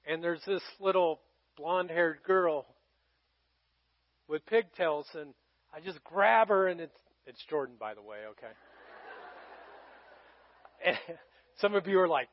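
Male pastor, middle-aged, high-pitched, dry close sound, slightly dull audio, chatty sermon storytelling. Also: moderate pace, long pauses, no room sound. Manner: conversational, dramatic swings from loud to hushed.

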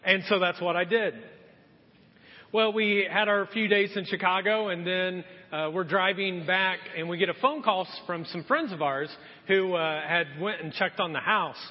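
A man's voice: high voice, normal speed. A man preaching a sermon, telling a story and acting out the voices of the people in it. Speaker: pastor. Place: church hall. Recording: muffled sound with long hall reverb.

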